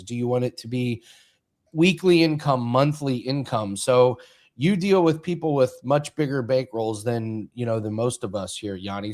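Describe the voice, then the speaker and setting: A man's voice: medium pitch, a little mellow. A man hosting a sports betting show, conversational and easy, prone to laughing. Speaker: host. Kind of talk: casual betting talk.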